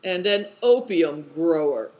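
A gruff, suspicious man from a storybook, put on by the reader. He growls his words sulkily, and the pitch still moves a good deal. It is a read-aloud adventure tale. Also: animated, normal speed, natural voice. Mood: grumbling. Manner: growling, sulky. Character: gruff sulky adult man, grumbling and suspicious. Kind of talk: storybook character voice.

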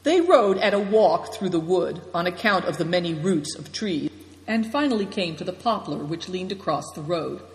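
An audiobook narrator tells an adventure tale with an animated, lively voice that rises and falls a lot. The reading sounds roomy, with a long reverb trailing after each phrase. The delivery stays steady and expressive throughout. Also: mid-range voice, normal speed. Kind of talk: scripted narration.

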